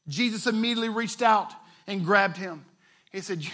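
Male pastor, high and bright voice, chatty sermon delivery with jokey asides. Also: a little fast. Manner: conversational, retells scripture with playful asides.

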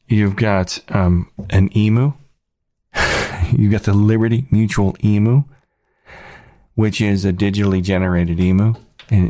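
A deep-voiced man rants sarcastically in a casual monologue for his channel. The recording is dry and close, with no room sound. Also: a little mellow, no echo. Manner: ranting, sarcastic. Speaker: channel host.

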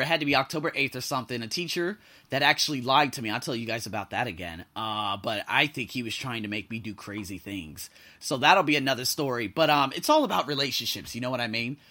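A man telling a personal story in casual vlog style, acting out the voices of people he quotes and swinging from loud outbursts to quiet asides. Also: sits high.

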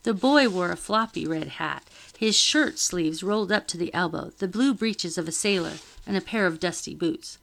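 Bright-voiced woman reading a novel aloud. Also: fairly low pitch, normal speed, vocal fry, few pauses. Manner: steady storytelling, occasional slips and restarts. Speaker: reader.

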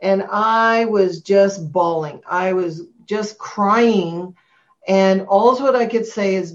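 A middle-aged woman, a guest, telling her personal testimony in a heartfelt, storytelling way, rushing at moments and going soft and slow at others. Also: medium pitch. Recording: dull lo-fi sound.

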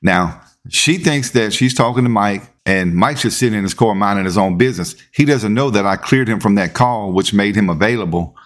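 A man, telling a story as podcast host in a relaxed, conversational way. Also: lowish voice, brisk. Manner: laid-back, conversational, repeats words when building up. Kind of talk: casual storytelling.

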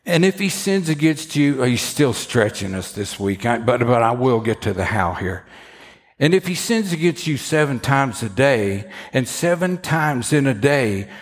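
Man preaching an animated sermon. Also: medium pitch, moderate pace. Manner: animated storytelling, acts out quoted voices; repeats words when starting sentences. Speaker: pastor.

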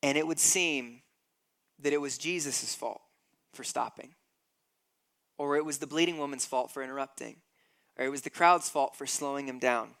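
A man's voice: mid-range voice, normal speed, gravelly, long pauses, a bit bright. A man in his thirties preaching a sermon, emphatic and acting out scenes with growing intensity. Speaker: pastor.

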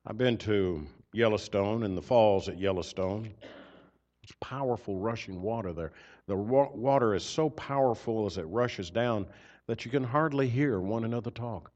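A man preaching a sermon through a microphone in a church, earnest, growing loud on key points and dropping soft between them. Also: fairly low pitch, moderate pace, muffled recording. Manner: earnest, swells louder on key points then drops soft. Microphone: microphone system.

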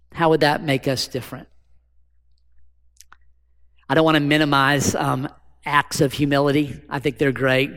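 Gravelly preacher in a reverberant sanctuary. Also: male voice, a little high, a bit bright. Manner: conversational preaching with rhetorical questions. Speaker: pastor. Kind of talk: sermon. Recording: long hall reverb.

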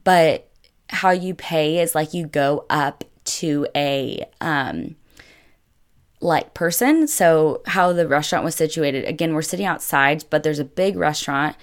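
Low-voiced young woman. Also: expressive, a little slow. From United States. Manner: chatty, filler-heavy with constant "like". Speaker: vlogger. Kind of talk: casual storytelling.

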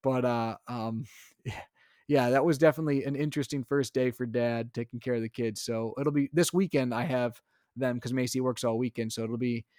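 A young adult father on a casual podcast, where he co-hosts, relays a chaotic day through lively storytelling, voicing his own lines. His voice sits mid-pitch and fairly quick, recorded close and dry with no echo.

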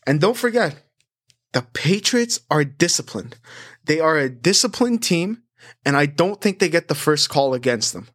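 A man hosting a sports betting podcast in a chatty, animated way, rattling off stats and odds. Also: on the high side, moderate pace, dry recording, studio quality. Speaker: host.

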